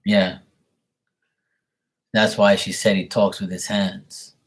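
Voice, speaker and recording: A man's voice: fairly low pitch, little pitch movement, slow. A young man doing a live tarot reading on camera, relaying messages in a rambling way full of fillers. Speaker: tarot reader. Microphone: webcam at desk.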